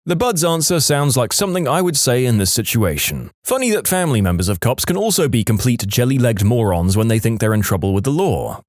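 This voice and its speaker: A man narrates reader-submitted stories for a podcast, close on a studio mic. His pitch swings widely as he tells each one, in a lively storyteller style. The sound is dry, with no room around it. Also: brisk, few pauses, dry recording.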